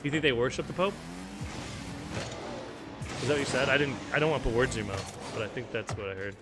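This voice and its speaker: Loud music nearly drowns out an American streamer chatting casually during a game he's watching. His voice is mid-range and quick, and he keeps stammering, repeating lines, and laughing.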